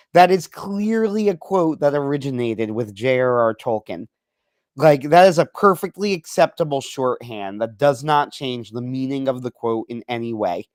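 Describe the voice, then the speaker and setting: A man's voice: medium pitch, dry recording. Rambling man on a dry mic. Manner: rambling, animated, self-deprecating joker. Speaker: podcast co-host. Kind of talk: casual ranting chat.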